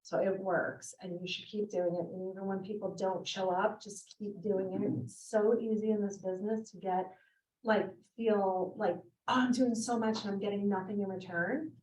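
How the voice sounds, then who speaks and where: A woman agent speaks up in a team meeting, direct and emphatic, hammering her points home. Her mid-pitched voice sounds distant in an echoey room. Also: steady tone, normal speed, a little mellow. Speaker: real estate agent. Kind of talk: sharing advice at a team meeting.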